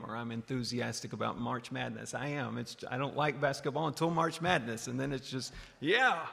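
Gravelly preacher in an echoing hall. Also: male voice. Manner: animated, rising to loud calls and dropping low. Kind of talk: sermon. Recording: long hall reverb.

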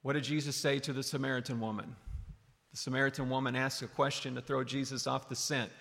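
A man preaching a sermon, animated, swinging from loud calls down to low, quiet lines. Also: normal speed, creaky. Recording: long hall reverb.

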